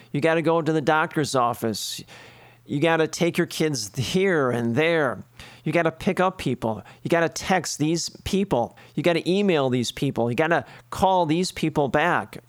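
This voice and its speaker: A man's voice: a little high, dry recording. A priest preaching a sermon, earnest, building his points with lists and rhetorical questions.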